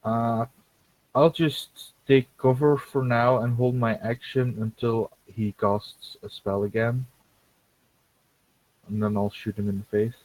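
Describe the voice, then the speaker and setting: A man playing a tabletop game, low-key and deadpan. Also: slow, no echo, poor audio. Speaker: player.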